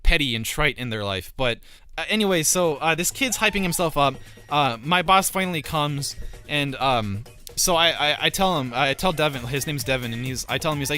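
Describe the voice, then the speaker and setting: A young man with a bright, forceful voice tells a rambling storytime, stumbling over fillers and swearing in frustration. Soft music sits quietly under him. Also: on the high side, brisk. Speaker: vlogger. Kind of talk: casual storytime rant.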